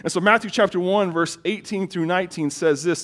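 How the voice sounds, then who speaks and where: Animated storytelling pastor, a man. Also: sits high, a little fast. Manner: storytelling, animated, repeats words when excited. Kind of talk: sermon.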